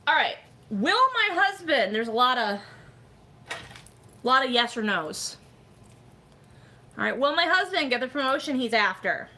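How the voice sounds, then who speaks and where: A middle-aged woman chats casually on a live stream, giving fortune readings and rambling with plenty of "like" and "you know." Her voice is a little high with a sharp tone.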